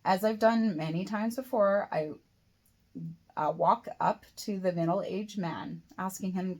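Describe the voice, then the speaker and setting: A woman's voice: mid-range voice, measured pace, a little mellow. A woman reads her own novel aloud as first-person audiobook narration. Her delivery is plain and unpolished, and she stumbles and restarts lines now and then. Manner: plain reading with occasional slips and restarts. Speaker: author reading her own book.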